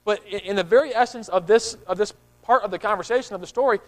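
High-voiced preaching man. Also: fast talker, low-quality recording. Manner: conversational preaching with repeated words and acted-out voices. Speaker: pastor. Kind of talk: sermon.

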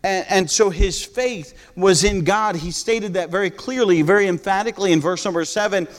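A man's voice: high voice, moderate pace. A man preaching a sermon as pastor, earnest, often restarting his words and paraphrasing scripture in a conversational tone.

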